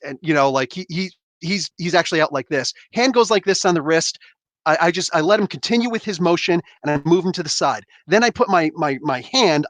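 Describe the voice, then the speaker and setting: Animated man telling a story, lively pitch. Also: dry recording. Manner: animated, acts out scenes with sound effects and quoted outbursts; filler-heavy, keeps asking "you know what I'm saying". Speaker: livestream host. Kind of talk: casual storytelling to a live audience.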